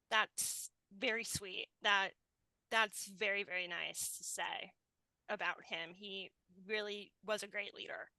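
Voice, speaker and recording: A woman hosting a casual group chat, gentle and halting, with small laughs between turns. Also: mid-range voice, fairly even intonation, smooth, no room sound, poor audio. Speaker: podcast host.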